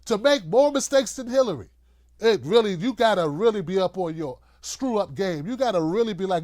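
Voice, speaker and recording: Ranting loosely to camera on his political commentary show, a middle-aged host mocks his targets with animated energy, often performing the voices of the people he quotes. His voice is high and his pace brisk.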